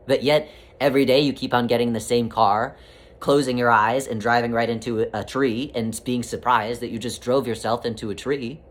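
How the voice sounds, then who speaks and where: A man giving a spiritual talk, speaking as a collective "we" in a flowing, repetitive, gently teasing way. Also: mid-range voice, steady tone, moderate pace. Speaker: spiritual teacher.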